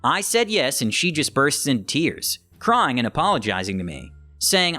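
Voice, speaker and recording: A man narrating a story in an animated, lively way, his pitch rising and falling freely at a middle register. He acts out the quoted lines as he reads, with faint music playing underneath. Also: normal speed, hardly any pauses. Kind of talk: scripted narration of online stories.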